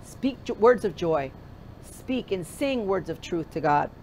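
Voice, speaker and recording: A woman's voice: fairly low pitch, animated, unhurried, a little mellow, slight background noise. A woman pastor preaching a conversational sermon, often asking the listener direct questions.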